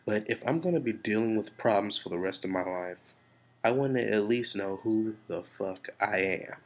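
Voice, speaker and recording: A man with a low, deep voice speaks straight to his camera in a confessional vlog. He sounds stressed and frustrated. He rambles and swears freely as he thinks aloud. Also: normal speed. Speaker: vlogger.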